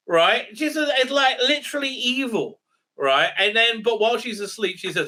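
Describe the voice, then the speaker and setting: High-voiced sarcastic male reviewer. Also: animated, normal speed, bright, forceful tone. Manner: sarcastic, rambling, many fillers and tag questions. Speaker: video reviewer. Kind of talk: ranting recap review.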